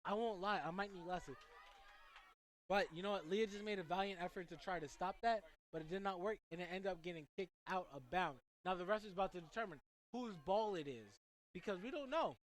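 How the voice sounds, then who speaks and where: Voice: mid-range voice, fairly quick, poor audio. Young student commentator, rambling play-by-play with goofy asides. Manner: chatty and rambling, with joking asides.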